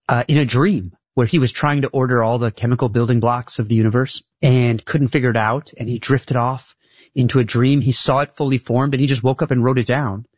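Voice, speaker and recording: A man's voice: medium pitch, darkish tone, no room sound. A man being interviewed as an author, explaining his ideas at length with occasional restarts. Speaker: author guest. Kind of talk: interview conversation. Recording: slightly dull, dry sound.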